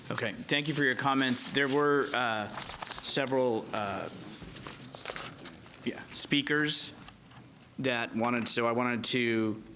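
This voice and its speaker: A man serving as mayor and chairing a city council meeting, polite and a little halting as he speaks. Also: mid-range voice, noisy background. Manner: courteous, halting with fillers.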